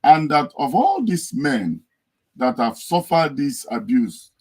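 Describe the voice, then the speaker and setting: In a rough recording from the United Kingdom, a man with a medium-pitched, warm, husky voice speaks slowly but very animatedly as a podcast guest. He earnestly tells stories to make his point, at one stage acting out a wailing wife.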